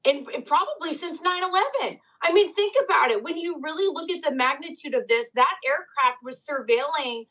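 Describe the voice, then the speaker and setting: A woman's voice: sits high, fairly quick, hardly any pauses, fairly bright tone, highs cut off. A woman news correspondent speaking earnestly and urgently in a remote interview, with many fillers.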